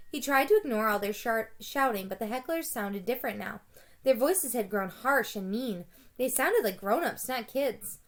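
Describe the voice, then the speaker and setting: A woman's voice: on the high side, lively intonation, moderate pace. A woman teacher reading a children's chapter book aloud to her students in a plain storytelling way, sometimes stopping to correct a slipped word. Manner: plain storybook reading with small self-corrections, livelier on shouted quotes.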